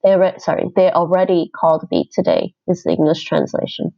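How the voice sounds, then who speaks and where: A woman's voice: fairly low pitch, expressive, a little fast, gravelly, dark tone, highs cut off. A woman streaming her language-app practice, chatting casually and thinking aloud as she corrects herself. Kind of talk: casual livestream commentary while doing app lessons.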